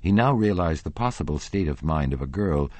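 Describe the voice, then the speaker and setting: Male audiobook narrator, very deep, dry close recording. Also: lively intonation, a little fast, darkish tone, dry recording. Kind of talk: reading a classic novel aloud.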